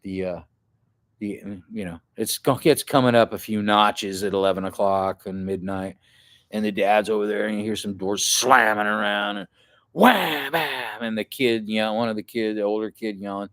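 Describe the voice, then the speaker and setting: A man vlogging to camera, telling a rambling, profane camping story in a casual way and acting out what other people shouted. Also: fairly low pitch, flat delivery, normal speed, smooth, dry recording, clean studio sound. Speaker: outdoor adventure vlogger.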